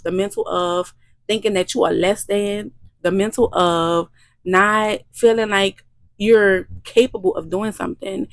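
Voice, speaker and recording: A woman shares a heartfelt vlog testimony. Her voice has a gravelly edge and sits at an ordinary pitch. The sound is dry and close, with no room echo. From Louisiana. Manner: emotional, repetitive, faith-filled. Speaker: midwife and channel host.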